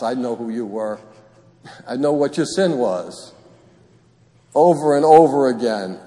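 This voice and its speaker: Priest, homily, slow and deliberate, long church reverb. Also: male voice, medium pitch, lively intonation, mellow. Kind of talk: gospel reading and homily.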